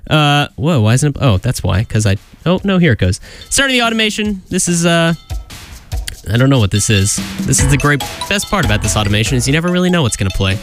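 A man's voice: medium pitch, very animated, fast, music in the background. A man DJing on college radio, chatting casually in a loose, self-mocking way full of fillers and restarts. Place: radio studio.

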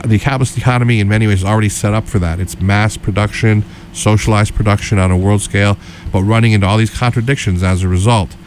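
A man's voice: sits low, darkish tone, a little hiss or hum. A middle-aged man co-hosting a political radio show, talking casually and rambling with many restarts and fillers.

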